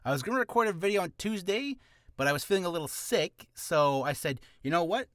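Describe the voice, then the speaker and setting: Jokey guy rambling to his channel, bouncy higher voice, dry close mic. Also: expressive, fast, fairly bright tone, no room sound. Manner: rambling, jokey, self-deprecating. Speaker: hobby voice actor and vlogger. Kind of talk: casual vlog talk. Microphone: studio mic with audio interface.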